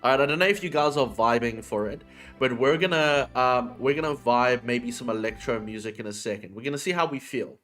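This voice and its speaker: A man's voice: mid-range voice, fairly quick, fairly bright tone, soft background music. Chatty man streaming, casual. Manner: chatty, swears casually, talks to chat and his cat. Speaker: livestreamer.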